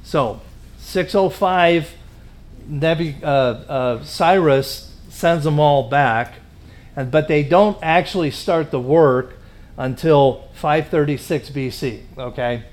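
Man, pastor, slightly higher voice, slow unhurried teaching, casual asides. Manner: slow, conversational, with frequent fillers and asides; reads scripture aloud in King James wording. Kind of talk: Bible teaching sermon.

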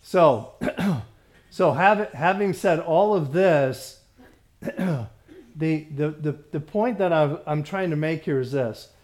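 Stumbling, repeating himself and often clearing his throat, a man teaches Bible study and reads the scripture slowly. His voice is slightly high, with a darkish tone.

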